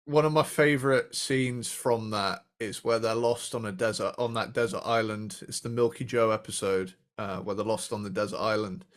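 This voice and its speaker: A man's voice: fairly low pitch, steady tone, normal speed, few pauses. A man, co-hosting a podcast in casual chat, laughing often and quoting comedy lines. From England. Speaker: podcast co-host.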